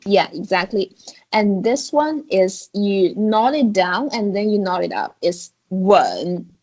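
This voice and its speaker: Woman Chinese teacher, slow and careful delivery, Chinese accent, patient explainer, online video-call lesson. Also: mid-range voice, animated, a little mellow, low-quality recording. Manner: patient, explains step by step with examples.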